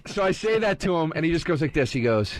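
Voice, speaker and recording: A man's voice: a little high, fast talker. A man co-hosting a comedy podcast, telling a long story with lots of acted-out dialogue and swearing. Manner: animated storyteller, acts out phone calls. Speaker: podcast co-host. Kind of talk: casual comedy podcast chat.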